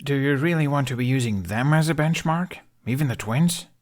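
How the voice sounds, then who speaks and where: A man's voice: mid-range voice, brisk, pitched above the performer's own voice, natural voice. A man voicing a nervous young prince who stammers and trips over his words, earnest and flustered.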